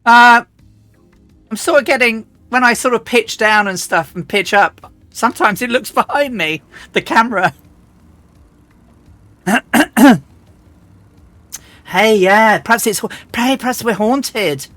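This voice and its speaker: A woman streamer chatting casually and rambling as she flies a simulator, often restarting and clearing her throat. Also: a little high, animated, takes it slowly, pauses often, fairly bright tone, no room sound, soft background music. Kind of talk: casual live-stream chat while flying a flight simulator.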